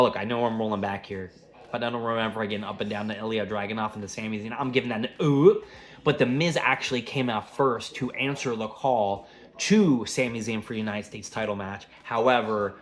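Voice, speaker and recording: A man giving a casual, rambling wrestling recap with plenty of swearing. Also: lowish voice. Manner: rambling, profane, conversational.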